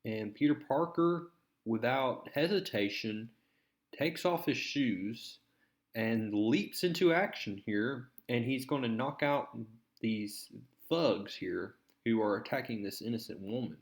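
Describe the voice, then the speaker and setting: Man, casual comic recap, slow unhurried delivery, loose filler-laden storytelling. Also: mid-range voice. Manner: relaxed, filler-heavy storytelling. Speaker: comic book reviewer.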